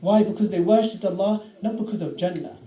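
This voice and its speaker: A man's voice: high voice, fairly even intonation, a little fast. A man giving an impassioned religious lecture, telling stories and crying out quoted prayers. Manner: impassioned, storytelling, rising to loud cries in quotes. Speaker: speaker. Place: Islamic centre hall. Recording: echoey hall from far off with faint ambience.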